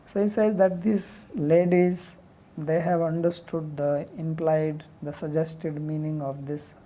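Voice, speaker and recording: A woman teaching a lecture on a Sanskrit commentary, reading verses quickly and then explaining them in plain, conversational English. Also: low-pitched, fairly even intonation, mellow. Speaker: teacher of scripture.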